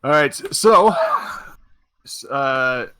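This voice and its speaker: A young adult man running a tabletop game as game master, describing scenes in a measured storytelling way with some restarts. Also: medium pitch, lively intonation, bright, forceful tone, clean tone, dry recording.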